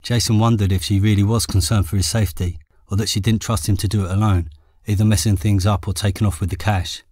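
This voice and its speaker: Low-voiced English man narrating an audiobook. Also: dry recording, clean studio sound. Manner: steady, measured reading. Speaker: author reading his own memoir.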